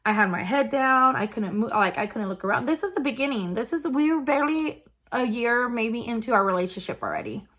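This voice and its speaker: A woman vlogger telling a personal story in a casual, halting way, with many fillers and restarts. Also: a little high, expressive, fairly bright tone.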